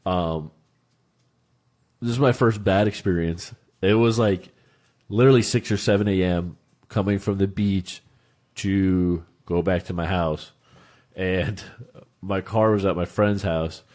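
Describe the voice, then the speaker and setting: Low-voiced laid-back young man. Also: fairly even intonation, a little slow, pauses often, a little mellow. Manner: laid-back, swearing storyteller who laughs often. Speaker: podcast co-host. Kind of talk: casual chat.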